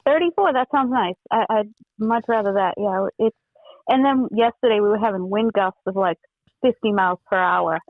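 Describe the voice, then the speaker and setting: A woman from the Boston area with a Boston accent, a podcast guest bantering quickly and sharply while getting over a cold. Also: medium pitch, dry recording. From Boston area, USA. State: has a cold. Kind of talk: casual chat. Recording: tinny phone line.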